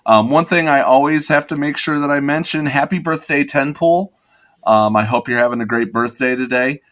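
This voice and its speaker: A man's voice: medium pitch, fairly bright tone. Upbeat laughing male podcast co-host. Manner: upbeat, laughs often, halting restarts. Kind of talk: casual podcast chat.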